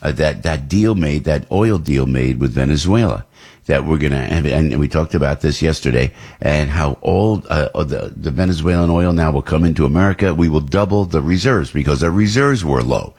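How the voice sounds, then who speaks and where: A man from New Jersey hosting a talk radio show, with a low, husky voice. He delivers opinionated commentary in a rambling way, often breaking off and restarting his sentences. His speech sounds off the cuff rather than scripted. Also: moderate pace, a little mellow. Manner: rambling, with many restarts and repeats.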